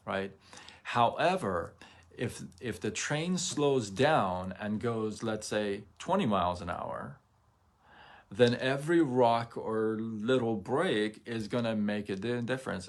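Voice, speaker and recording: A man hosting a motivational livestream, talking earnestly and haltingly, often repeating words and checking that viewers follow him. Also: on the low side, vocal fry. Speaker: livestream host. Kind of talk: emotional motivational livestream talk.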